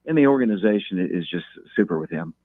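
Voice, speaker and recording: A man calling in as a guest, talking football in a measured way and repeating words as he thinks. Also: lowish voice, lively intonation, dry recording. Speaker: guest talking local high school football. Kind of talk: phone-in interview. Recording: tinny phone line.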